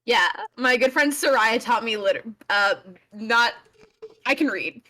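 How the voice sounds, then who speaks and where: A woman's voice: a little high, measured pace, bright, forceful tone. A woman player chatting casually during a tabletop game, full of teasing banter.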